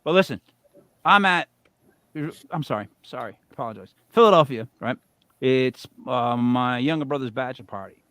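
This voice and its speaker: A middle-aged man co-hosting a live show, telling a long casual story in a rambling, animated way, swinging between loud bursts and mutters. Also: mid-range voice, moderate pace, dry recording. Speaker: co-host.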